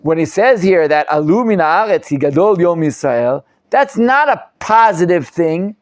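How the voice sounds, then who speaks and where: Animated rabbi teaching a Bible class. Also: male voice, no echo, studio quality. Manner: animated, acts out quoted speakers with sudden loud pitch jumps; reads Hebrew texts quickly, mixes Hebrew terms into English. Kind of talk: live Torah class, reading and explaining commentaries.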